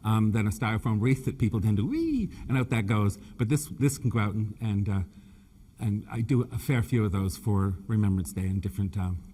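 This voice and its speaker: A man's voice: fairly low pitch, fairly even intonation, fairly quick, dark tone, husky. A man from Scotia, a floral designer giving a chatty, teasing stage demonstration and stuttering a little. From Nova Scotia, Canada. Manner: chatty, teasing, camp humor, calls people honey and dear; stutters a bit. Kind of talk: live stage demonstration talk. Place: main stage at a trade show.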